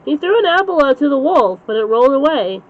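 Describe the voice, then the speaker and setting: Woman storyteller, high pitch, gentle bedtime read-aloud, dull lo-fi recording. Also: sing-song, quick pace.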